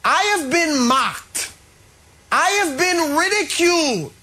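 High, bright, gloating male sports analyst. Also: animated, slow. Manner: gloating, teasing, dramatic emphasis. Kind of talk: studio sports debate.

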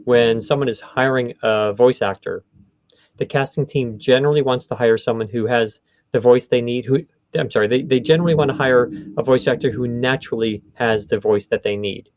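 A man's voice: mid-range voice, brisk, dry recording, highs cut off. A man who runs a voice studio, explaining his field in a conversational interview, often stopping to rephrase. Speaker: voice studio owner.

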